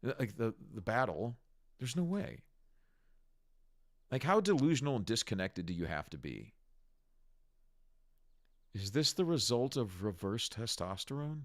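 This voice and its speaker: A man's voice: mid-range voice, very animated, measured pace, pauses often. Guy ranting over clips, swears a lot, voice swinging all over the place, mocking and fed up. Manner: exasperated, mocking, profane. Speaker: commentary host. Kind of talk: ranting video commentary.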